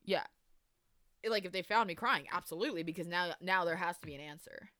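A young woman reading her old fan fiction aloud with animated commentary, swearing and laughing at herself. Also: on the low side, a little fast, no echo, clean studio sound.

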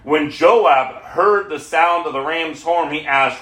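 A man's voice: a little high, slow pace, pushed and bright. Man reading scripture in an echoey room. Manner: plain unpolished reading with self-corrections. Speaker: reader.

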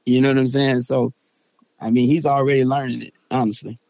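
A man's voice: medium pitch, level tone, brisk, vocal fry, darkish tone, no echo. Laid-back slangy man in casual chat. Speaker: school staff member and podcast co-host.

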